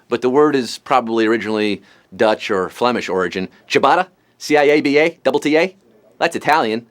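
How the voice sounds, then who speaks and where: A man's voice: medium pitch, fairly bright tone, soft background music. A man hosting a live trivia show, firing off puns and jokes between the questions. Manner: punny, jokey, fast-talking quizmaster. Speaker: quiz show host.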